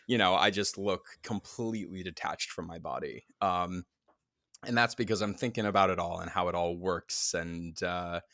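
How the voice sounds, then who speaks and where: A man's voice: low-pitched, normal speed, sharp tone, no room sound, studio quality. A man co-hosting a casual podcast, rambling and playful, laughing often. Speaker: podcast co-host. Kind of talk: casual chat.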